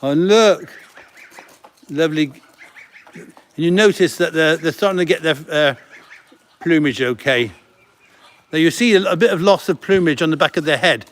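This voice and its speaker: A middle-aged man hosting a casual live stream from a farm, chatting warmly about the animals with giggles and cooing baby-talk at them. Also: fairly high pitch, normal speed, pauses often. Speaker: farm centre host. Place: outdoors on a farm.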